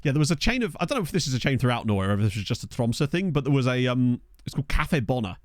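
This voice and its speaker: A man's voice: mid-range voice, big pitch swings, racing, no room sound, clean studio sound. A young man with a Southern English accent, chatting casually while playing a game and answering his stream chat. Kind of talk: casual gameplay commentary while reading chat. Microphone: desk microphone.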